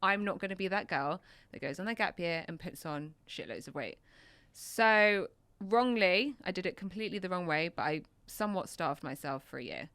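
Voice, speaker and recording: A woman's voice: fairly low pitch, animated, normal speed, a bit bright, no room sound. A woman from England, a personal trainer co-hosting a podcast, chatting in a teasing way and laughing easily. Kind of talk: casual chat.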